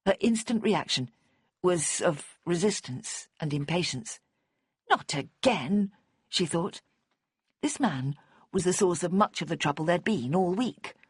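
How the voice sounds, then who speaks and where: A woman reading a mystery audiobook at a calm, measured pace. Her voice sits low with a husky, breathy texture. The close studio mic gives a dry sound with no room. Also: no echo. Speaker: audiobook narrator. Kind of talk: scripted narration.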